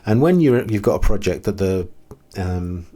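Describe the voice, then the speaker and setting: A man's voice: sits low, animated, normal speed, mellow. A man hosting a casual commentary video, talking in a blunt, exasperated way with frequent ums and restarts. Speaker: crypto video host.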